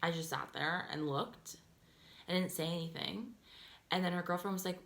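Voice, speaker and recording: A woman's voice: on the low side, normal speed, gravelly, roomy sound. A young woman vlogger telling a story in casual chat, full of "like" and "um", and acting out what people said. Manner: chatty, fillers of "like" and "um" throughout; acts out quoted lines in animated voices.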